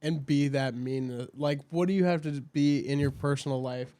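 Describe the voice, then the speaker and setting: A man's voice: a little high, fairly even intonation, normal speed, mellow, dry recording. A young man co-hosting a podcast in casual chat, easygoing and laughing, sometimes trailing off. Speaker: podcast co-host.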